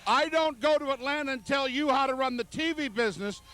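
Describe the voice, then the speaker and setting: Brief: very high man, promoter plugging shows. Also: a little fast, pushed and bright. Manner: folksy, stubborn, hard-selling. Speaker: wrestling promoter and TV host. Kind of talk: wrestling TV segment.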